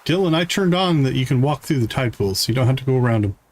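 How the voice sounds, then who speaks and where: A man's voice: medium pitch, lively intonation, fast talker. A man chats to his viewers during a live game stream, casual and easy. His voice moves up and down a lot as he talks. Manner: chatty, addressing viewers.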